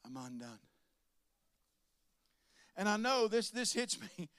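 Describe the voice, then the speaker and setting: A man preaching a sermon as pastor, swinging between loud preaching and soft asides, with laughs. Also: high voice, very animated, takes it slowly, no room sound.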